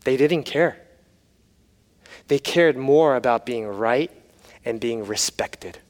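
A man's voice: mid-range voice, takes it slowly, big-room sound. A man preaching a sermon, telling stories with humor and then turning earnest. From United States. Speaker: pastor.

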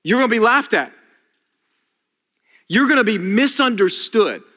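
A man's voice: sits high, animated, measured pace, bright, forceful tone. A man preaching a sermon as a pastor, earnest and casual, often restarting his words and addressing listeners as "you guys.". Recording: long reverb of a large hall.

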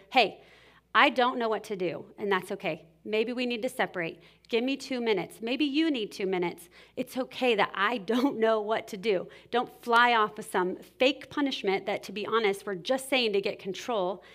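A woman in her thirties giving a casual, animated sermon-style talk on parenting, full of "like" and acted-out parent lines. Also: medium pitch. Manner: casual, animated, many "like"s, acts out scolding parent voices. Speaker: speaker at a church parenting talk.

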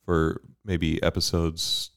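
Deep-voiced priest in casual chat. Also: male voice, slow pace, gravelly. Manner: relaxed, thoughtful, frequent fillers and laughs. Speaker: priest, podcast co-host. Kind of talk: casual faith podcast chat.

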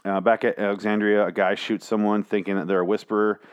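A man's voice: fairly low pitch, flat delivery, fast, smooth. Rambling, swearing male comic reviewer. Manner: rambling, sarcastic, swears freely, slips into mock voices. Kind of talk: casual profane recap monologue.

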